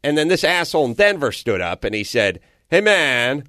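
A man's voice: mid-range voice, fast talker, no echo. Guy ranting on a podcast, voice jumps all over when he acts out people, dry close sound. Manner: animated storytelling, acts out quotes, profane. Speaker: podcast co-host. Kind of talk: casual comedic rant.

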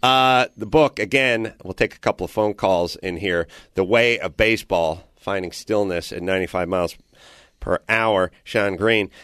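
A man's voice: sits low, moderate pace, clear, resonant tone, no echo, clean studio sound. A man hosting a radio talk show, telling a story with lots of swearing and acting out both sides. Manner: animated, profane, acts out both sides of the story. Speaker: radio host. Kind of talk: casual storytelling.

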